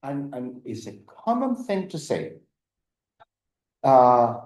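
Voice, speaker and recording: A man's voice: medium pitch, sing-song, takes it slowly, pauses often, darkish tone. A man teaching an adult language class as the teacher. He is patient, and he stops often to repeat himself and confirm answers. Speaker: Spanish teacher. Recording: echoey room sound.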